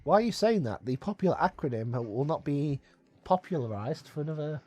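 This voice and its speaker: A man's voice: fairly high pitch, expressive, a little fast, darkish tone, dry recording. A man co-hosting a comedy film commentary, bantering and cracking jokes. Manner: bantering, wisecracking.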